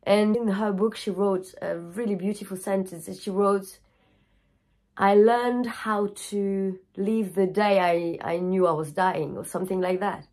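Slow-talking, frank woman vlogger. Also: medium pitch, fairly even intonation, a little mellow. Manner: scattered, frank, swears freely; emotional, openly tearful at times. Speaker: yoga teacher. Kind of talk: candid personal video talk.

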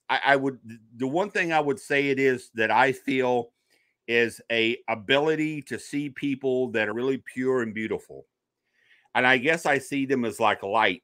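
Male guest storyteller, mid-pitched with a bright edge, animated, slips into quoted voices. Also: no echo. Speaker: podcast guest, paranormal investigator. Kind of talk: personal storytelling in conversation.

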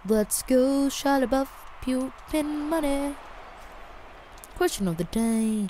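A woman giving excitable, jokey live commentary over her own gameplay, with bursts of loud exclamations. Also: high-pitched, slow, slight background noise. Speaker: gaming YouTuber.

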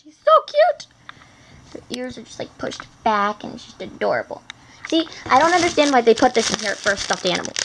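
A teenage girl vlogging an unboxing in an excitable, gushing, rambling way. Her voice has a gravelly, fry-heavy edge at a middling pitch. The home recording carries clear background noise and handling clicks. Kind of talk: casual unboxing chat.

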